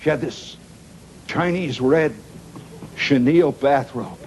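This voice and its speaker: A middle-aged man telling a rambling comic story to a live audience, wry and animated, with dramatic pauses and sound effects. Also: mid-range voice. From Indiana, United States. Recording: 1970s live recording with noisy audience.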